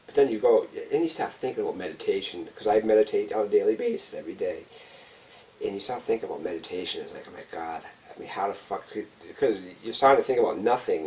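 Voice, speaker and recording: A man's voice: low voice, a little mellow, recorded from a distance. A man on psychedelic mushrooms rambling through a trip report, awed and swearing, with many restarts. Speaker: vlogger giving a trip report.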